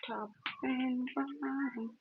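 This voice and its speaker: A woman's voice: high-pitched, steady tone, extremely slow, narrow, tinny audio, noisy background. A woman streaming live while talking to her baby and greeting viewers, in coaxing sing-song baby talk. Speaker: streamer and mother.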